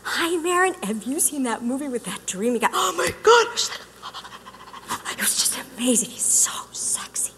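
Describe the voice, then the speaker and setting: A woman's voice: fairly high pitch, lively intonation, a little fast, hardly any pauses, fairly bright tone, a little hiss or hum. A woman voicing a gossipy young woman, gushing in a breathless half-whisper about a movie star, in a reverberant hall.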